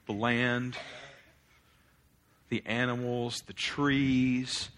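Bright-voiced pastor preaching. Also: male voice, medium pitch. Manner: animated, swings from loud exclamations to quiet reflection, laughs often. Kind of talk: sermon.

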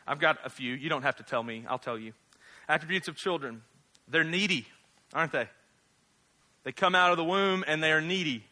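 A man's voice: a little high, a little fast, long pauses, sharp tone. A man, preaching a casual, humorous sermon as a pastor, full of jokes and tag questions. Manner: joking, conversational, rhetorical tag questions.

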